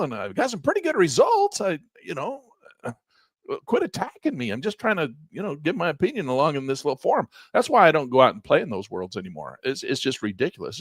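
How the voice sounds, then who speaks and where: A man's voice: mid-range voice, slightly rough, dry recording, clean studio sound. A man hosting an investing channel, talking casually and emphatically to his viewers, often repeating himself.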